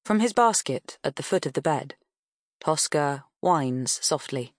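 Low, slow woman narrating a story. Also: animated, no echo, studio quality. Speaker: audiobook narrator. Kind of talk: scripted audiobook narration.

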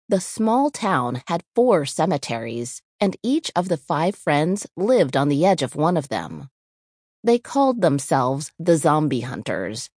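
Low-voiced woman reading a spooky storybook. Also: no room sound, studio quality. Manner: measured, expressive reading with character voices. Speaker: audiobook narrator. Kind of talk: scripted storybook narration.

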